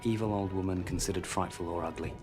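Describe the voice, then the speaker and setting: A stiff, overly proper police officer, played by an actor in a film scene. He speaks in a very low, flat voice with dry, awkward formality. Music plays clearly behind him. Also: fast talker, lightly acted. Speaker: film character.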